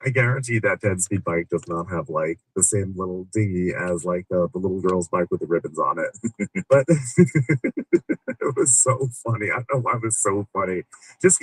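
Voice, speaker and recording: Male podcast co-host, giggly rambler, lively pitch. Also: brisk, breathy edge, no room sound, far from the mic, rough recording. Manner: chatty, giggly, rambling with many fillers. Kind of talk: casual podcast chat.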